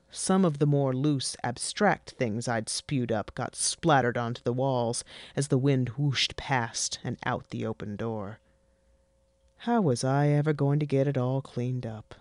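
A narrator reading a fantasy story in a wry, deadpan way. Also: medium pitch, no room sound. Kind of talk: scripted fiction narration.

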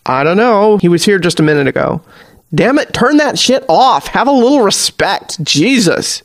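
A man's voice: high-pitched, expressive, fast, vocal fry, no echo, studio quality. A man voicing a blunt, easily riled male bartender who works as an EMT by day. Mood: worried. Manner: blunt and exasperated.

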